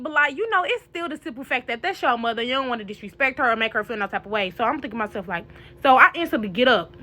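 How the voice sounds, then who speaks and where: A young woman, animatedly telling a casual storytime to her viewers. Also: sits high. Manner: animated, addresses viewers as y'all.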